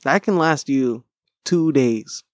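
A man's voice: medium pitch, takes it slowly, dry recording. Profane, rambling male podcast host. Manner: rambling, profane, self-deprecating. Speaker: podcast host and stand-up comic. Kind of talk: casual solo podcast chat.

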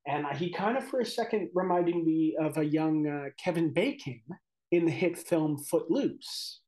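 A man's voice: a little high, moderate pace, darkish tone. A man co-hosting a podcast in casual chat, easygoing and joking. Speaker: podcast co-host.

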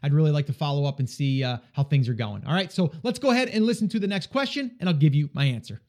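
A male podcast host with a slightly higher voice answers listener questions in a relaxed coaching tone. He talks casually and keeps checking that listeners are following with a quick "okay?".

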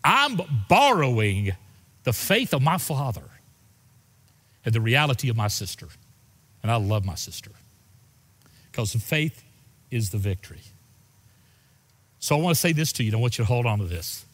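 An older male pastor with a drawl preaches in a church sanctuary, his voice trailing off into a long hall reverb. He tells stories from the pulpit with feeling, his pitch swinging up and falling low as he goes. His voice sits in a middle register. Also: sing-song, moderate pace, long pauses, fairly bright tone. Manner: heartfelt, emotional storytelling with sudden rises and drops in pitch. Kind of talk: sermon with personal storytelling.

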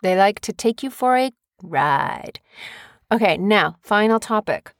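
A woman's voice: medium pitch, unhurried, dry recording, clean studio sound. A woman, co-hosting a casual chat with her young son and turning stories into lessons. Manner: animated storytelling, teaching tone. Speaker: podcast co-host, mother. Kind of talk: casual parent-child chat.

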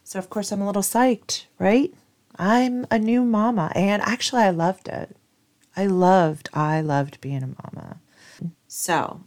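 Woman, low voice, candid personal storytelling, casual swearing, chatty asides. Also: a little mellow. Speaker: vlogger.

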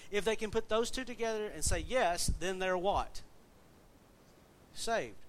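A man's voice: sits high, unhurried. A man preaching a sermon in a conversational way, often asking the congregation questions. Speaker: pastor.

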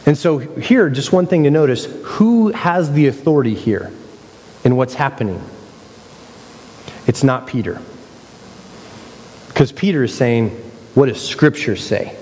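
A man's voice: mid-range voice, warm tone. Man preaching in a reverberant hall. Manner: conversational preaching with playful mock quotes. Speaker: pastor. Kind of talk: sermon.

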